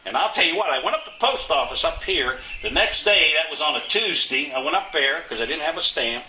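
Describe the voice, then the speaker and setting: A man's voice: on the high side, expressive, brisk, sharp tone, reverberant, recorded from a distance, slight background noise, low-quality recording. An older man in a casual interview, telling folksy, indignant stories about his community, restarting and repeating words as he goes. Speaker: interviewee, local resident.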